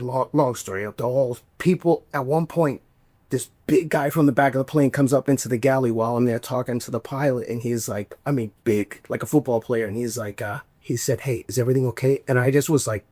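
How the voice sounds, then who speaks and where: A man hosting a podcast, telling a story in a casual, animated way, swearing and acting out the voices he quotes. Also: medium pitch, no echo. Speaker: podcast host.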